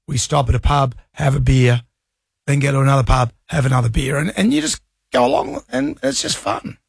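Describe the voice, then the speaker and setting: Gravelly Australian radio host, husky. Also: male voice, medium pitch, expressive, a little fast, no echo, studio quality. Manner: rambling storyteller, laughs at himself. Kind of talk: casual on-air banter. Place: radio studio. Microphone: studio microphone.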